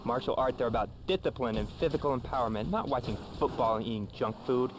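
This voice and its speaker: A man's voice: mid-range voice, quick pace, close to an everyday voice. An actor playing a pompous, self-serious male martial arts guru as a radio show guest, lecturing in a lofty, earnest way. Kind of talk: comedic radio talk show acting. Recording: game radio audio under road noise.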